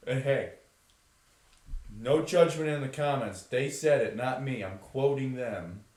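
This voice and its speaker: A man's voice: mid-range voice, unhurried, darkish tone. A young man co-hosting a podcast who tells stories casually and animatedly, acting out the voices of the people he quotes. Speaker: podcast co-host. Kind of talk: casual storytelling. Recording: roomy echo.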